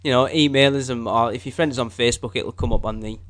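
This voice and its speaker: A man co-hosting a theme-park podcast, chatting casually in a rambling way that gets excitable and high when worked up. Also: quick pace. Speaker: podcast co-host. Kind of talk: casual chat.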